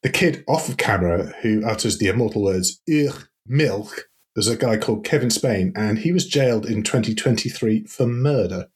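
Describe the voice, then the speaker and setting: A man's voice: brisk, hardly any pauses, husky. A man in his forties, co-hosting a chatty podcast and telling stories with frequent laughs. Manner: chatty storyteller, laughs often, squeaky high voice when quoting the advert. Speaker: podcast co-host. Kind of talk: casual chat.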